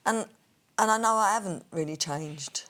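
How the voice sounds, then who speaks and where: A woman in her sixties from East London with a softened Cockney accent, chatting as an interview guest and acting out quoted voices. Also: mid-range voice, moderate pace. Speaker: interview guest, singer and TV presenter. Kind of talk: casual interview storytelling.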